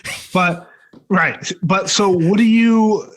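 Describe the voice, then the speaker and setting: A man's voice: high voice, slow, slight background noise. A man co-hosting a podcast in casual chat, chiming in with laid-back agreement. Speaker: podcast co-host.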